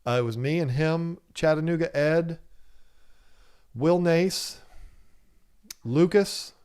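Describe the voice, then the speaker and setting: A man with a fairly high, smooth, slightly mellow voice takes it slowly while hosting an aquarium channel livestream. He reads viewers' chat aloud, jokes with them, laughs often and talks animatedly.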